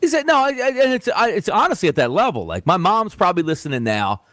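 Rambling, animated male sports radio co-host. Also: sits high, fast talker, no room sound, clean studio sound. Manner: rambling, filler-heavy, lots of "like". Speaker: sports betting show co-host. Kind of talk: casual sports chat.

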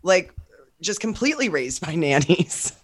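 A man's voice: sits high, big pitch swings, measured pace, breathy edge. A man on a podcast crew, chiming in and apologizing in a casual way. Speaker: podcast producer.

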